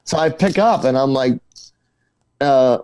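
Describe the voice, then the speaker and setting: Man, new jersey guest, chatty storyteller, stumbles over repeats, middle pitch, dry close sound. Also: unhurried, smooth, no echo. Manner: animated storyteller, repeats words when excited. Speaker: guest musician. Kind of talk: casual storytelling interview.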